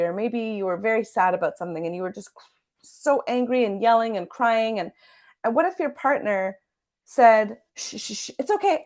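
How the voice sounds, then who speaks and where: A woman speaking at a mid-range pitch while she coaches parents directly to camera. She talks earnestly and keeps checking in with her listeners by asking "okay?". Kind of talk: teaching to camera.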